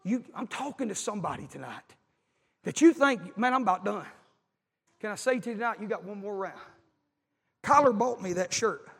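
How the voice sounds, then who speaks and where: A preacher with a strikingly high voice delivers a fervent, folksy sermon. He calls out to his congregation as he preaches. His voice rings through a large, reverberant church hall. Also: expressive, fairly quick, vocal fry, a bit bright, breathy edge. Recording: echoey hall.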